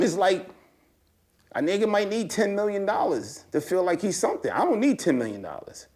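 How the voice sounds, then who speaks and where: Animated, profane man telling street stories. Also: a little fast. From United States. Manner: animated storytelling, slangy and profane, voice rising high when excited. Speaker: interview guest. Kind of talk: casual conversation.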